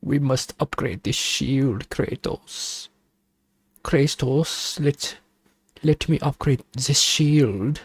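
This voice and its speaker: A man voicing a scheming, pushy character with a mock German accent, speaking in slow, stiff, formal sentences. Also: mid-range voice, husky, no echo, exaggerated voice. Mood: insistent.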